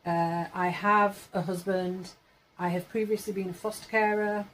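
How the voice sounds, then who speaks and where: Speaking to camera at a normal speed, a Yorkshire vlogger in her forties has a mid-range voice and a steady tone. The recording is rough, and her casual chat rambles as she corrects herself along the way.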